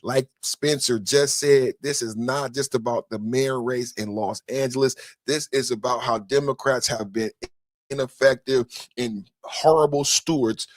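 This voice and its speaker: A man hosting a political podcast, excitable and shouty, repeating hype phrases over and over. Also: mid-range voice, a little slow, no echo. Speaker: podcast host. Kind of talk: hyped political commentary.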